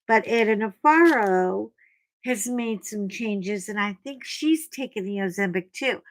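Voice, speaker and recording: A middle-aged woman hosting a casual livestream chat, telling stories in an animated way and greeting viewers by name. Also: medium pitch. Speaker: livestream host.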